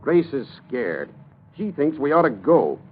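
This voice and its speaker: A cocky, boastful gangster informant with a lively, swinging voice in an old radio play. The recording is narrow and tinny with light hiss. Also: male voice, medium pitch, measured pace. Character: cocky young male gangster turned informant. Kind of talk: 1930s radio drama acting.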